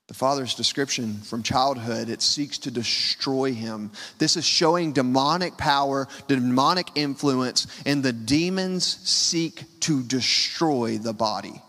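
A man preaching a sermon, his delivery swinging between hushed lows and loud, high cries. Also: a little slow, few pauses, in a large hall. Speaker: pastor.

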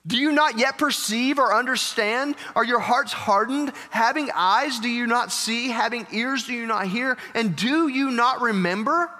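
Jesus, as a pastor puts him on, urgent. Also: male voice, very high-pitched, a little slow, few pauses, pushed and bright, voice pushed up, heavily acted. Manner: pleading, rising questions. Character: Jesus, a grown man teaching with pointed urgency. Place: church. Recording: reverberant church hall.

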